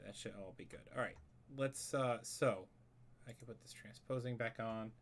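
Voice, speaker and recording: A man's voice: on the low side, moderate pace, a little hiss or hum. A man explaining a music arrangement in a casual tutorial, rambling and correcting himself as he thinks aloud while editing a score. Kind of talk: casual screen-share tutorial.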